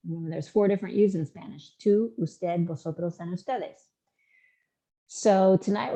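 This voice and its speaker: A woman teaching a casual online Spanish lesson, patiently repeating examples slowly and clearly. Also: on the low side, warm tone, muffled recording.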